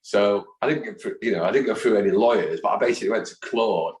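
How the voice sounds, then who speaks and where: A middle-aged man, telling lively, animated anecdotes as a guest in a conversation. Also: fairly low pitch, quick pace. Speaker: guest, football fan and chant songwriter. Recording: roomy echo.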